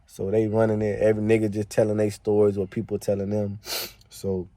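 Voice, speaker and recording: Young male storyteller, lowish and mellow, loose slangy profane delivery full of fillers. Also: monotone, a little fast, no room sound. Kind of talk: casual spoken storytelling.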